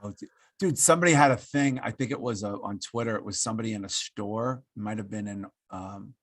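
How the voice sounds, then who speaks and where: Guy on a podcast, husky voice, rambly, jokes at his own expense, lots of ums. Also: lowish voice, fast talker, dry recording, studio quality. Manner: rambling, self-mocking, with many fillers and restarts. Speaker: podcast co-host. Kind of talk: casual joking chat.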